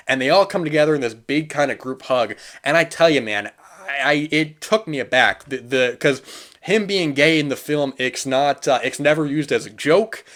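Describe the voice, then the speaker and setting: A man's voice: mid-range voice, moderate pace, fairly bright tone. A man hosting a film podcast, talking through movies in a loose, earnest monologue full of restarts and fillers. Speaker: podcast host. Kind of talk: casual film review monologue.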